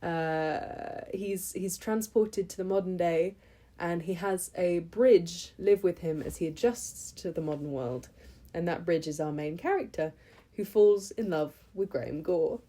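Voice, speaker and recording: A young book vlogger talks through her recent reads with chatty enthusiasm, stumbling into plenty of ums and restarts in this casual review. Her lowish voice is unhurried and dark in tone, with few pauses.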